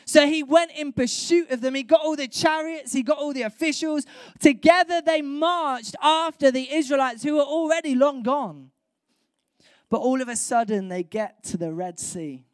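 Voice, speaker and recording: A woman pastor preaching a sermon, animated and acting out voices from the story. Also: high-pitched, moderate pace, no room sound, studio quality. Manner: animated, acts out voices of biblical crowds.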